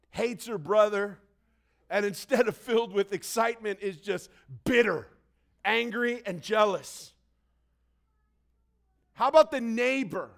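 A high-voiced man preaches to his congregation. He tells a story with lively, animated delivery and drops low and quiet for asides. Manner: animated storytelling, shouting quoted lines. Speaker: pastor. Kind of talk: sermon.

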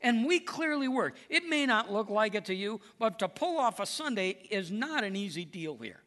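A man's voice: sits high, very animated, moderate pace, a bit bright. A male pastor preaching a sermon in an emphatic, conversational way.

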